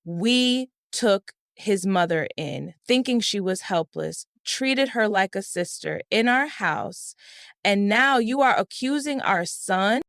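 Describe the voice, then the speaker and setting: An older father-in-law speaks with slow, stern reproach, as a woman narrator puts him on. The sound is dry and close. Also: medium pitch, expressive, gravelly, fairly bright tone, no room sound, heavily acted. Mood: reproachful.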